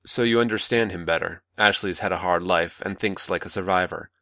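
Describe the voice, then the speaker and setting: A man playing a manipulative older male mentor, calm, patronizing and coaxing, in a dry close recording. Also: deep voice, brisk, dry recording.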